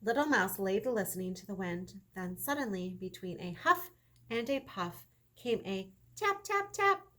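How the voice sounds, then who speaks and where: A young adult woman, a kindergarten teacher, reading a children's story aloud in a gentle, expressive way that speaks to young listeners. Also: mid-range voice, unhurried.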